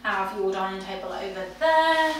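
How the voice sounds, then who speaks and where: A woman playing a brisk estate agent who shows a house in chatty, upbeat sales patter. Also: mid-range voice, lively intonation, very echoey, over a noisy crowd, lightly acted.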